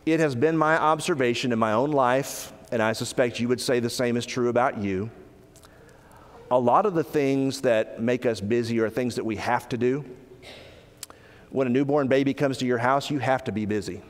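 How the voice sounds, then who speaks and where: A man preaching a sermon, earnest, often rising for emphasis and slowing down on key phrases. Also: medium pitch, big-room sound. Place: church sanctuary.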